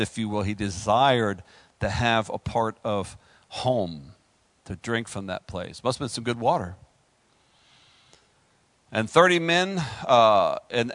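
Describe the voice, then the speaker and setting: Animated male preacher, dry close sound. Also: dry recording. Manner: animated preaching, rising to high exclaims. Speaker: pastor. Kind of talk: sermon.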